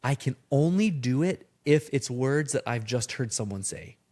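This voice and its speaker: A man hosting a podcast in casual, animated conversation, sometimes slipping into playful accent impressions. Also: mid-range voice, moderate pace. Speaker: podcast host.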